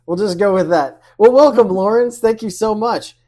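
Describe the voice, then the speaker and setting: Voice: medium pitch, moderate pace, warm tone. A show host running an interview, reading a scripted welcome and then asking loose, chatty questions. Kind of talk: podcast interview hosting.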